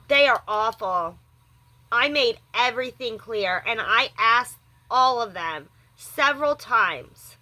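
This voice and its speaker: Young woman vlogger, bright and a bit high, rattled, rambling account that acts out the calls. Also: animated, slow pace. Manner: rambling, upset, acts out both sides of a phone call. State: rattled and upset. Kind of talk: venting story to camera.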